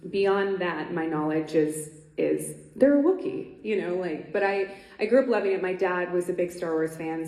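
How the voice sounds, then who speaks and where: On a convention stage, a woman guest on a panel talks in a warm voice on the low side. She laughs, chats freely, and scatters ums and restarts throughout, all captured with the echo of the hall.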